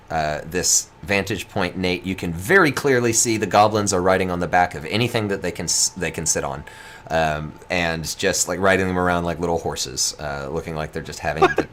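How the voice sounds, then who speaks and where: A man narrating a tabletop game as game master, relaxed and chuckling, with many fillers. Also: sits low, normal speed, hardly any pauses, a little hiss or hum.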